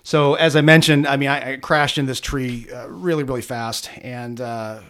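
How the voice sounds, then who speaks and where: A middle-aged man, a police officer, telling a personal story in an interview, earnest and halting with many fillers and restarts. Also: medium pitch, fairly even intonation, fairly bright tone.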